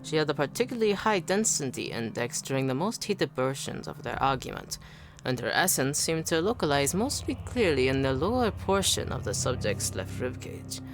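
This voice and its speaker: A woman voicing a brisk female scholar who studies souls and reports in clinical terms. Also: low-pitched, sing-song, soft background music.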